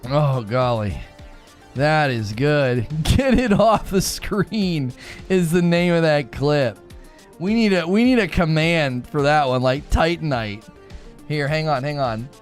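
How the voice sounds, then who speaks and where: A man's voice: fairly high pitch, lively intonation, takes it slowly, faint music behind. A man streaming a game and chatting casually with his viewers, laughing often and acting playfully exasperated. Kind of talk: casual live-stream chat.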